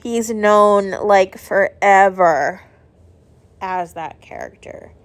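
A woman's voice: medium pitch, slow pace. Chatty young woman vlogger. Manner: chatty, heavy use of "like", emotional. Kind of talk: casual storytelling.

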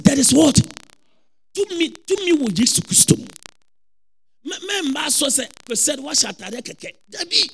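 A man preaching a lively sermon with a Ghanaian accent, repeating phrases and shouting for emphasis. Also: extremely high pitch, vocal fry, slight background noise, low-quality recording.

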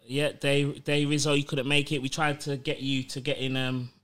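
A man co-hosting a podcast in casual, animated banter, often laughing between phrases. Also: mid-range voice, moderate pace. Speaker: podcast co-host and house DJ.

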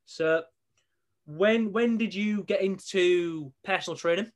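A man's voice: high voice, takes it slowly. A man hosting a podcast, telling stories casually, laughing often and swearing now and then. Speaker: podcast host.

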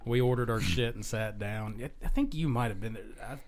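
A man's voice: medium pitch, fairly quick. A man co-hosting a podcast in casual chat, laughing often and mimicking the people in his stories. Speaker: podcast co-host.

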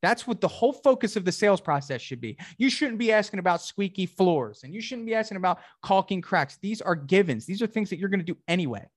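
A man's voice: sits high, animated, fast talker, few pauses, no echo, clean studio sound. A man coaching a salesperson one-on-one, direct and emphatic, often acting out customer conversations.

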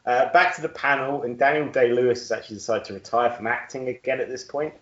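A man's voice: medium pitch, fairly even intonation, quick pace, fairly bright tone. A man co-hosting a podcast in casual chat, joking and laughing at his own jokes. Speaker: podcast co-host. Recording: roomy, dull-sounding audio.

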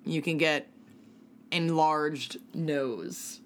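A woman's voice: deep voice, extremely slow, slight background noise. Casual swearing woman telling a crime case. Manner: casual, swears freely, reads case details with asides. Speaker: podcast co-host telling a case. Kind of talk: casual podcast storytelling.

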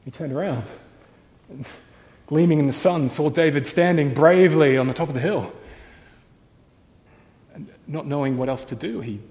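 A pastor telling a story in a sermon, dramatic, shifting from hushed to loud. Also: male voice, on the high side, normal speed, long pauses, long reverb tail.

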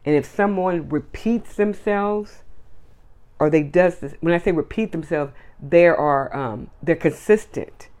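A woman's voice: lowish voice, unhurried, a little mellow. A woman hosting her own podcast, talking bluntly and emphatically as she stacks repeated words one after another. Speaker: podcast host. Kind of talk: solo opinion podcast monologue.

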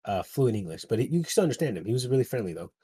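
A man's voice: medium pitch, racing, slightly rough. A man chatting casually, telling a rambling, profane story and acting out the people in it. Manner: rambling, profane, animated retelling with quoted voices.

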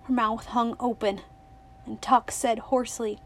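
A woman reads a novel aloud in audiobook style. Her telling is steady and expressive, and her voice sits slightly high. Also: measured pace. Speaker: narrator. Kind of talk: audiobook narration.

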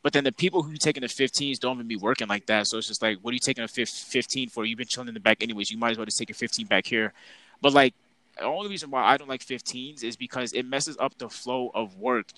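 A young man on a podcast goes off in a long, exasperated rant, packed with slang and cursing. His voice has a bright, forceful edge, and the sound is close and dry, with no room around it. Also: medium pitch, quick pace, no room sound, rough recording. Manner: animated, exasperated ranting with heavy slang and profanity. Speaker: podcast co-host.

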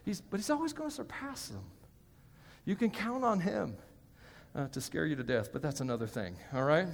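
A man's voice: on the high side, lively intonation, normal speed, creaky. A male pastor giving a sermon in a church, chatty and joking with the congregation between points. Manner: conversational, joking asides to the congregation. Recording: hall reverb.

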